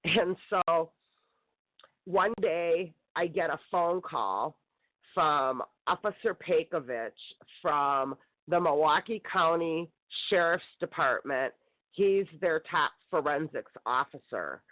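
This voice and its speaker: A woman's voice: low-pitched, expressive, slow pace, dry recording. A woman guest telling her personal story in an intense, aggrieved way, heard over a phone line. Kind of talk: personal testimony on a call-in show. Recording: tinny phone-line audio.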